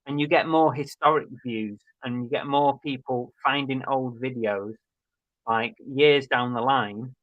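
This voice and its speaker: A man's voice: medium pitch, steady tone, a little slow, no echo. Laid-back man chatting on a stream. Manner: chatty, laid-back, thinking aloud with fillers. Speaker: co-host of a live reselling chat show. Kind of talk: casual live-stream chat, reading viewer comments. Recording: dry, slightly dull stream audio.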